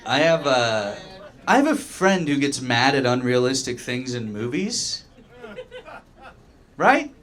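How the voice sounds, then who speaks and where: A young man performs a stand-up set in a small dive bar, speaking in a mid-range voice. He is loose and self-mocking and slips into quick voices for the people in his stories. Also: mid-range voice, very animated, fairly bright tone. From Oklahoma. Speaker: stand-up comedian.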